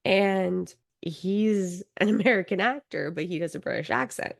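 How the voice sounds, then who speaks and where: A woman co-hosting a podcast in casual chat, telling stories in an unhurried way with trailing pauses. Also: mid-range voice, vocal fry, no echo, studio quality. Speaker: podcast co-host.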